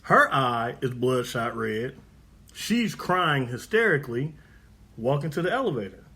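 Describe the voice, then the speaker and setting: Animated Bay man spinning a yarn. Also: medium pitch, measured pace. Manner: animated, profane slang, frequent "right?" asides. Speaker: podcast host telling a story. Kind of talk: casual storytelling chat.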